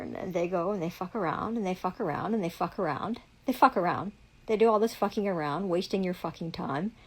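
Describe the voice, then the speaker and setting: A woman's voice: mid-range voice, vocal fry, a little mellow, breathy edge, rough recording. A woman on a live stream, ranting in a heavily profane, indignant and rambling way. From Canada. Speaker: livestreamer. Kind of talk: angry live-stream rant.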